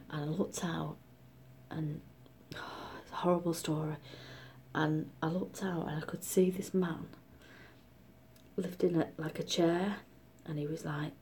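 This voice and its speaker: A middle-aged woman from Britain telling a story in a casual vlog, chatty and animated, often dropping to a whisper. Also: low-pitched, slight background noise. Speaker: vlogger.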